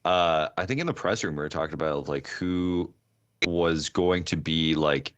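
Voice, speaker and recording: Deep-voiced man in casual esports chat. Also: moderate pace. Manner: animated, rambling, jumps in pitch. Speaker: podcast co-host.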